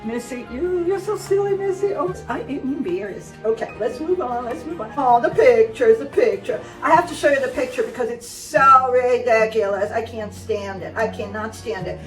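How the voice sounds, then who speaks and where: A woman vlogger with a higher-pitched voice talks at a normal speed with few pauses, offering casual, sarcastic commentary as she scolds and repeats words for emphasis. The mic sounds distant, the room is roomy, and faint music plays underneath.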